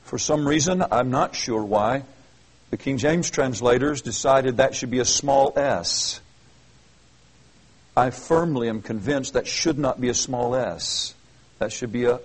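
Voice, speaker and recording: A man with a mid-range, slightly rough voice preaches an expository sermon on a rough recording. He reads verses aloud and explains them earnestly, using emphatic, repeated phrases and restarting frequently as he teaches the Bible.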